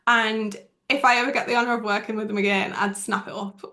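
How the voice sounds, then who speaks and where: Chatty Middlesbrough woman, fairly high voice. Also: fast talker. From Middlesbrough, England. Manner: chatty, lively anecdote telling. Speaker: guest, stunt driver. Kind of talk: casual interview chat.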